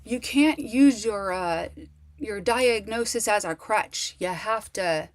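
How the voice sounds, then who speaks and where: A woman vlogger speaks candidly to camera in a casual personal monologue, emotional and rambling, halting with many restarts and fillers. Her voice is mid-range.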